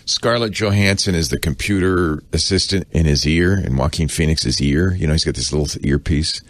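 A man's voice: a bass voice, normal speed, no room sound. A middle-aged man, co-hosting a podcast in a chatty, self-correcting way with laughing asides. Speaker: podcast co-host. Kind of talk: casual explaining chat.

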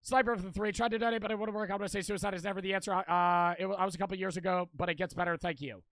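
Young male streamer, casual, profane, reading donations fast; high, bright, dry. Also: steady tone, no room sound. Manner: swears constantly, rattles off donor thanks. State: out of breath. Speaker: livestreamer. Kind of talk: casual charity livestream chat.

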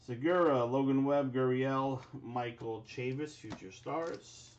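A man's voice: mid-range voice, takes it slowly, dull audio, a little hiss or hum. A man hosting a live sports card break, reading off player names as he opens packs and reacting to big pulls. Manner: rattles off player names, bursts into excited exclamations. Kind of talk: live card-pack opening commentary.

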